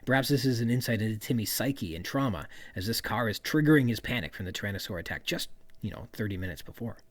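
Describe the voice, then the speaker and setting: Animated man hosting a book podcast. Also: on the low side, fast talker, dry recording. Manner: reads quoted passages aloud, then explains them; lively, expressive emphasis. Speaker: podcast host. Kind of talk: literary analysis monologue.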